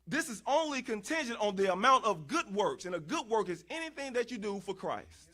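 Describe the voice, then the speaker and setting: A man's voice: high-pitched, normal speed, few pauses. A man preaching a sermon, using folksy asides, rhetorical questions and repeated phrases. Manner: animated, rhetorical questions and repetition; folksy, addresses congregation as y'all.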